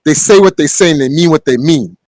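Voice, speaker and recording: A man's voice: a little high, a little fast, a little mellow, slight background noise, low-quality recording. A young man hosting a podcast, talking bluntly and profanely in a casual rant that keeps climbing into heated outbursts. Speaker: podcast host. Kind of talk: casual ranting monologue. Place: home room.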